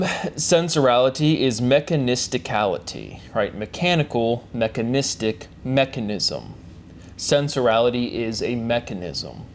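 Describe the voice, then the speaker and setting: A man's voice: medium pitch, a little hiss or hum. Man chanting rhetorical questions. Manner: repetitive, chanting rhetorical questions and set phrases. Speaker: host of a solo word-derivation series. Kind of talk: solo spoken monologue.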